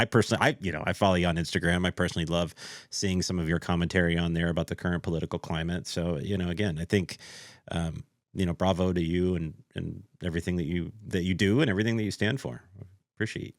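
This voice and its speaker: A man's voice: deep voice, fairly even intonation, fast, dry recording, clean studio sound. A man hosting a live interview, speaking hesitantly with many restarts and fillers while offering support to his guest. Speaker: interview host.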